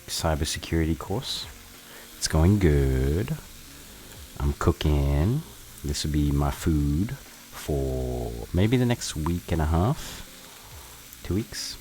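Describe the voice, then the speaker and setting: A man with a strikingly deep, low voice chats loosely with his viewers while he cooks at home. His talk is relaxed and offhand, with some casual swearing. A pan sizzles faintly in the background. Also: takes it slowly, long pauses, a little hiss or hum, rough recording. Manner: relaxed, chatty, answers chat while cooking, swears casually. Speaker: livestream cooking host. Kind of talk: casual live-stream chat. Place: home kitchen.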